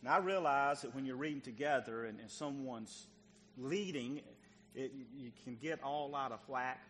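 A man's voice: medium pitch, normal speed, fairly bright tone. Male pastor, folksy sermon delivery, talks straight to the pews; long hall reverb. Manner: folksy, talks directly to the congregation. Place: church sanctuary. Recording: long church reverb, faint noise.

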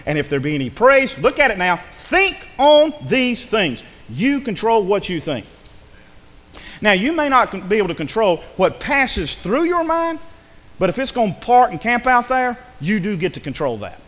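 A man preaching a sermon in a church, animated and conversational, with quick asides and acted-out quotes. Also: sits high. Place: church sanctuary. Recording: long hall reverb.

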